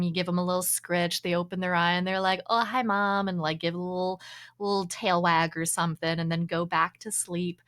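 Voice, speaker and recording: A woman's voice: on the low side, a bit bright. A woman co-hosting a podcast about dogs, chatting casually and laughing as she acts out her dog's thoughts. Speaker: podcast co-host, dog trainer. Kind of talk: casual conversational chat.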